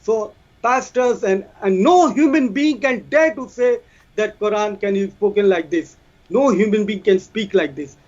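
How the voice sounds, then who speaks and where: A man with a strikingly high voice argues his case in a debate. He counts his points off one by one and repeats them like a drill. The recording sounds dull and lo-fi. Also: unhurried, darkish tone. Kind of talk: debate argument.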